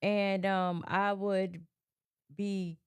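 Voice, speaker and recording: A woman on a talk panel, speaking haltingly and repeating herself as she thinks it through. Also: medium pitch, level tone, clear, resonant tone. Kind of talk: casual chat.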